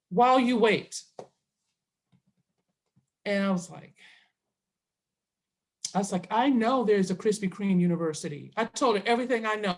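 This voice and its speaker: A middle-aged woman telling a long story in a casual interview, acting out both sides of the conversation. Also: on the high side. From Southern US. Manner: animated, quotes herself and others in dialogue.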